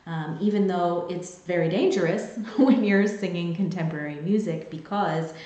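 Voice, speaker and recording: A woman vocal coach explaining singing technique in a clear, teaching manner, with sung demonstrations. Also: fairly low pitch, normal speed, dark tone. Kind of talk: singing lesson to camera. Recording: very echoey room.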